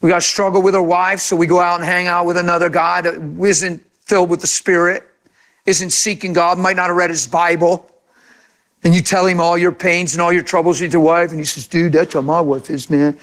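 A man's voice: high voice, flat delivery, fairly quick, a bit bright. A man preaching a sermon in an impassioned, conversational way, acting out imagined quotes.

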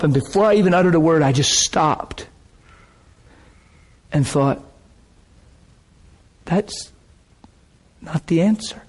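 Man, sermon, husky voice, dramatic, emotional, shouting at times. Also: a little high, a little slow, long pauses, low-quality recording. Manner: dramatic, emotional storytelling that bursts into shouts and laughter. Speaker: preacher. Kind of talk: sermon with personal storytelling.

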